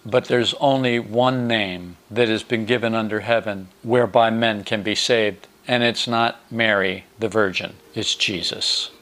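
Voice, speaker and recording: A middle-aged man giving an informal spoken sermon as a preacher. He is folksy and wry, with sarcastic asides, and his pitch jumps about. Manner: animated, with quick jumps in pitch.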